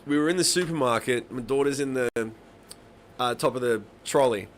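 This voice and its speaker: There's a little hiss or hum behind this man's medium-pitched voice, which moves at normal speed. As host of a live songwriting stream, he chats casually, tells stories with plenty of swearing and animation, and does the voices of the characters.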